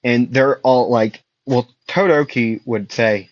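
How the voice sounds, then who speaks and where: Casting: a slow-talking man telling a made-up story, halting, dull lo-fi recording. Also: medium pitch, no echo. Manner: halting, many fillers and restarts. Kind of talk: improvised fan story narration.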